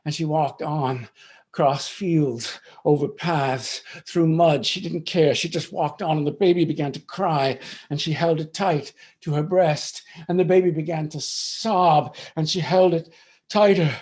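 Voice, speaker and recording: A man storyteller performing a folk tale with slow, rhythmic repetition, sometimes dropping to a whisper. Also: on the high side, darkish tone. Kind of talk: dramatic oral storytelling.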